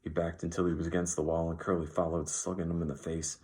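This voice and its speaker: A man reading an audiobook as narrator in an even, measured way. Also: deep voice. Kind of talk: scripted narration.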